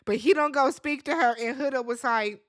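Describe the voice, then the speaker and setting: A woman hosting a casual reality TV recap, talking in an animated, dramatic way with slangy asides. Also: high-pitched, fairly quick.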